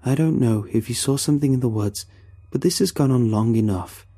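A man's voice: medium pitch, brisk, dark tone, husky, voice pushed up, natural voice. A man voicing an irritated young man whose words have a strange, off-kilter cadence. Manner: curt, oddly cadenced.

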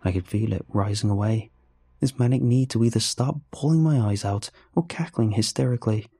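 A man narrating a first-person horror story in a measured, storytelling manner. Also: on the low side, vocal fry, mellow, slightly rough, dry recording, studio quality.

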